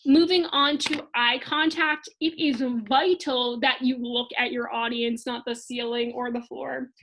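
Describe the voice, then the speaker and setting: Upbeat high-voiced woman teaching. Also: normal speed, hardly any pauses, slight background noise, rough recording. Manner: upbeat, clear and expressive, with lively emphasis. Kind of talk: virtual lesson for kids.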